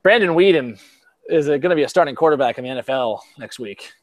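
A man's voice: medium pitch, animated, fast talker, no echo. A man hosting a casual sports podcast, talking chattily with frequent restarts and easy laughs. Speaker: podcast host.

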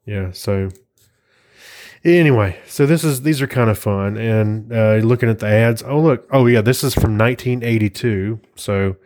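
Low-voiced man rambling through a podcast. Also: moderate pace, darkish tone. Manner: rambling, chuckling, reads captions aloud while flipping pages. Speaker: podcast host. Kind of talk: casual solo podcast chat.

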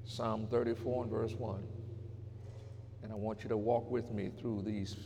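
A male pastor preaching a sermon, slow and emphatic, repeating key phrases and building to fervent exhortation. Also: fairly low pitch, flat delivery, creaky, noisy background. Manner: rising to loud, fervent exhortation. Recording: long hall reverb.

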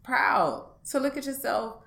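A woman speaking in an interview, giving a personal account in a halting, hesitant way with many pauses and restarts. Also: high voice, animated, gravelly, a bit bright. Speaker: interview guest.

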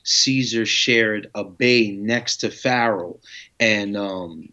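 A man's voice: on the low side, slow. A man telling a long story in a casual interview, acting out conversations with slang and swearing. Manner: animated, acts out dialogue with slang and swearing. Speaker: guest telling his story. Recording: muffled lo-fi audio.

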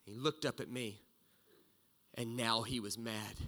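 A middle-aged man preaching a sermon, telling a story with loud bursts and low asides. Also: fairly even intonation, unhurried, background noise. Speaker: pastor.

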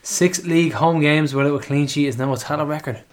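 A man's voice: fairly high pitch, brisk. A man hosting a podcast, chatting casually and reading out football stats. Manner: breezy, reads stats off a list. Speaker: podcast host.

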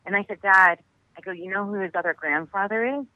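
A woman guest on a radio show, telling stories in an animated way and acting out the quotes with laughter. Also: mid-range voice, a little fast, no echo, narrow, tinny audio. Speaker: guest actress. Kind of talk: casual radio interview chat.

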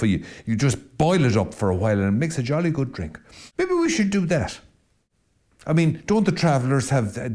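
Animated Irish priest, dark voice. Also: male voice. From Ireland. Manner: animated, rambling and self-mocking, swinging between loud emphasis and low asides. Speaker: priest, podcast host. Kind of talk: solo podcast monologue.

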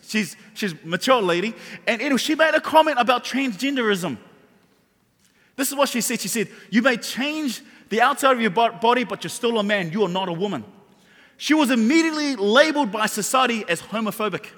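A man's voice: high voice, a bit bright. A man preaching a sermon, impassioned and emphatic, repeating his key phrases. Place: church hall. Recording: long reverb of a large hall.

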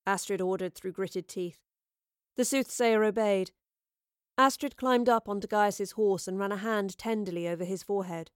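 A woman narrating a fantasy audiobook in a measured, steady storytelling voice. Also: mid-range voice, smooth, no room sound. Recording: dry close recording.

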